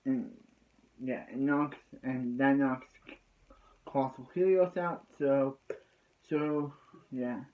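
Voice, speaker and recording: A man's voice: mid-range voice, steady tone, slow, pauses often, phone-quality sound. A man giving a casual, rambling recap of an anime episode, leaning on filler words like "so yeah.".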